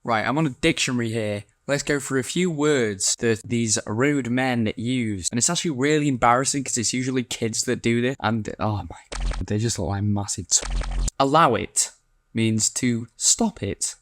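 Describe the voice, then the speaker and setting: A man's voice: mid-range voice, moderate pace. A British man giving dry, mocking commentary. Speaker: narrator.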